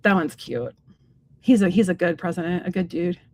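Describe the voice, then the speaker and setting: A woman's voice: on the low side, animated, moderate pace, crowd noise. A middle-aged woman hosting a casual livestream chat, rambling and enthusiastic with lots of fillers. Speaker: psychic medium and livestream host.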